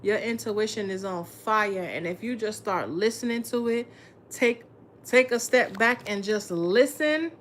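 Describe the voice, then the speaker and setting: A woman's voice: mid-range voice, a little slow. Woman tarot reader, casual and profane, heavy slang, mid-range voice, faint background noise. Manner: profane, blunt, repetitive; slangy, talks straight to viewers.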